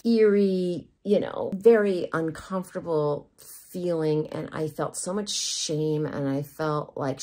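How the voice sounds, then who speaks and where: Woman vlogger spilling a personal story, low husky voice, jokey about herself. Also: expressive, moderate pace. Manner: candid, confessional, self-deprecating humor.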